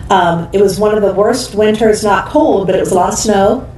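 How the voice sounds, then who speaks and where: Woman telling a lively story in a roomy echo. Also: mid-range voice, moderate pace, distant mic, slight background noise. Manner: lively storyteller, acts out quoted voices, laughs often. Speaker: restaurant owner and guest. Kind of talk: animated storytelling in casual chat. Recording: roomy echo, a bit off-mic, faint ambience.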